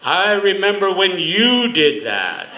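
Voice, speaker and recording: A man voicing his elderly grandfather, an Italian immigrant, with a thick Italian accent, speaking slowly and emphatically. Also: high-pitched, very animated, roomy sound, noisy background, pitched above the performer's own voice, full character voice. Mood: teasing. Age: older.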